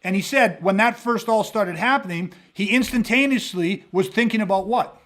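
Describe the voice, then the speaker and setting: A man's voice: sits high, normal speed. A man and self-defense instructor in a casual podcast monologue, swearing freely and acting out the people in his stories. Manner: profane, animated storyteller acting out quoted voices.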